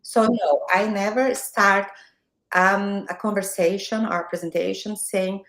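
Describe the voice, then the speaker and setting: A woman's voice: medium pitch, steady tone, measured pace, a bit bright, echoey room. Brazilian-accented woman giving emphatic advice. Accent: Brazilian Portuguese. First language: Portuguese. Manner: emphatic, encouraging, direct advice. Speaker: guest, marketing mentor. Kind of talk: motivational interview talk. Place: home, morning video call.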